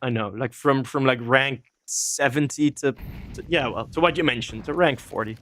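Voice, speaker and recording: A man working as an esports caster gives solo live commentary on a competitive shooter, rambling loosely between plays with fillers and small laughs. He speaks at a moderate pace in a mid-range, fairly bright voice.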